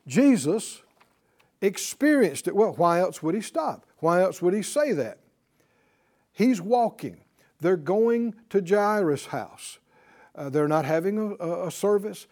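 A man's voice: high voice, animated, unhurried, a little mellow. A man teaching a Bible class in a call-and-response style. He stresses and repeats key words and has the class repeat lines back to him.

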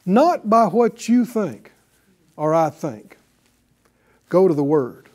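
A man teaching from the Bible speaks in a high, slightly mellow voice with big pitch swings. His slow delivery is built on questions, with the audience calling back responses.

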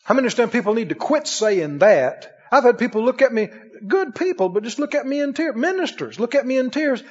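A man's voice: very high voice, very animated, brisk, husky. A man preaching a sermon, chuckling often and asking the congregation questions. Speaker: pastor. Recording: dull, lo-fi sound in a reverberant hall.

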